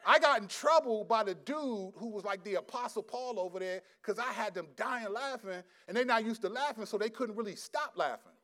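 Male pastor, fairly high pitch, lively slangy sermon with frequent laughter. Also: a little fast, few pauses. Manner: animated storytelling, laughs often, slangy.

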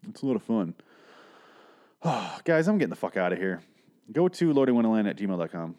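A man's voice: low-pitched, lively intonation, quick pace, a little mellow. A man hosting a movie review podcast, ranting casually with lots of swearing and exasperation. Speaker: podcast host.

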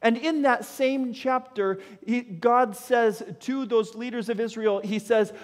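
A man's voice: very high-pitched, steady tone, unhurried, hardly any pauses. A man preaching a sermon who acts out the voices of Bible figures, recorded in a church hall. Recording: long echo of a large hall.

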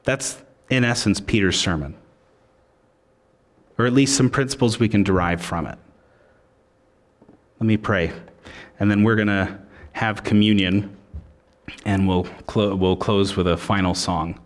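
A man's voice: fairly low pitch, measured pace, pauses often. A man preaching a sermon as pastor, conversational and joking.

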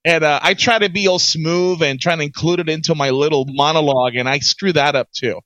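A man's voice: fairly high pitch, fairly even intonation, a little fast, a bit bright, no echo, highs cut off. A man co-hosting a casual podcast chat, teasing his partner with questions and laughing easily. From Florida. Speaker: podcast co-host.

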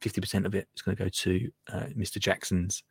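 A man's voice: sits low, completely flat delivery, fast, husky, no echo, clean studio sound. A man from England hosting a live show, chatting casually and rambling as he reads out listener comments, laughing often and trailing off into mutters. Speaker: radio show host.

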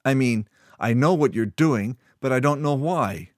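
A man's voice: medium pitch, expressive, a little slow, no echo, studio quality, lightly acted. A man voicing an earnest, naive young man who talks in a plain, insistent way in a read-aloud story. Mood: puzzled.

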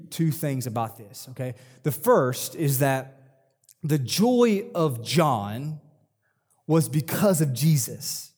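A man's voice: on the high side, darkish tone. Pastor, male, casual storytelling sermon with emphatic peaks, voice ringing in a large hall. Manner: conversational, personal stories, rising emphasis when quoting. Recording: long hall reverb.

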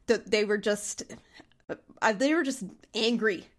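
Nasal congested woman on a podcast, casual chat, swears a bit, laughs a lot. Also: fairly high pitch. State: congested, intermittent coughing. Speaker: podcast co-host, therapist.

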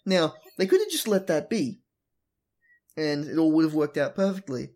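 A woman's voice: low-pitched, sing-song, moderate pace, darkish tone. A young adult woman hosting a podcast, recapping an episode bluntly with swearing and mockery. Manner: blunt, swears, mocking, does funny voices. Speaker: podcast host.

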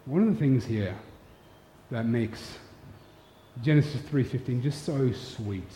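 A man's voice: medium pitch, slow pace, mellow, slight background noise. A man preaching a sermon, earnest and storytelling, putting direct questions to his listeners. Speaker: pastor. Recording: echoey hall, dull lo-fi sound.

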